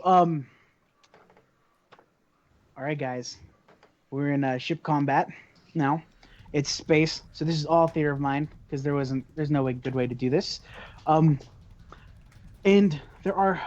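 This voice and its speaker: A man's voice: fairly high pitch, slow pace, pauses often, darkish tone. A man narrating as game master of a tabletop game, in loose, hesitant speech full of fillers. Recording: dull lo-fi recording.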